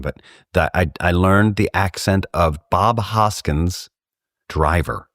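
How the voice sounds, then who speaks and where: A man from Texas co-hosting a podcast, telling rambling, animated stories in casual chat. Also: very deep voice, no room sound, clean studio sound. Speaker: podcast co-host.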